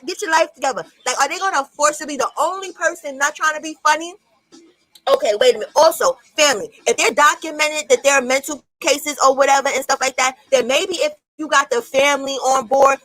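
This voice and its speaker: A woman giving reaction commentary with a high voice. She talks bluntly and mockingly, swearing often. The recording is dry and close. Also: a bit bright, dry recording, rough recording. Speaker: commentary host.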